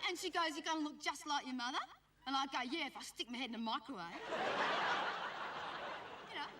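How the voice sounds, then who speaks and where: Whiny aussie teen girl, high squeaky voice, bit far off the mic. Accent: Australian. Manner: gossipy, rambling, mimics others. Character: bratty young teenage Australian schoolgirl, cheeky and whingeing. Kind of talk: comic monologue to camera. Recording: noisy old TV recording from a distant mic.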